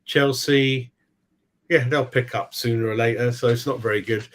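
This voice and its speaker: A man at an ordinary middle pitch chatting through a football result with friends. He thinks aloud and often hedges his opinions. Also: steady tone, normal speed. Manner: thinks aloud, hedging with I don't know. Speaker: football fan pundit. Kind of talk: post-match reaction chat.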